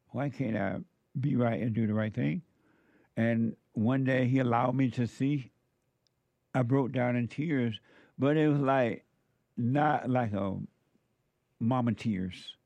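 A man's voice: medium pitch, a little mellow, no room sound. Male host, close dry mic, urgent repeating spiritual pep talk, says "amazing" a lot. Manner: repetitive, exclaims "amazing", preacher-like urging. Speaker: show host answering viewer messages. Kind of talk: casual live-stream chat with religious advice.

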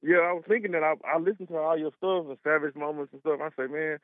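A man's voice: fairly high pitch, fast talker, no room sound. A man in his thirties from Texas calling into a radio show, casual and slangy, telling stories in a chatty way. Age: 30s. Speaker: caller. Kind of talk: phone-in call. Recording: tinny phone line.

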